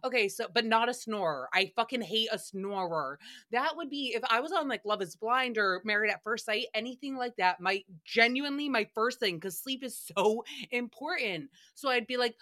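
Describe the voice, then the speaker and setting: A woman's voice: fairly high pitch, expressive, normal speed, bright, forceful tone. A woman hosting a casual solo recap podcast, chatty and profane, often breaking into laughter. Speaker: podcast host.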